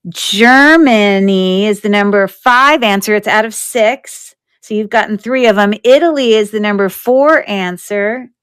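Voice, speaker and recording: A woman with a smooth, clear, mid-range voice that's a bit bright hosts a live jewelry sale at an unhurried pace. Her casual, easygoing selling chat wanders as she thinks aloud about each piece.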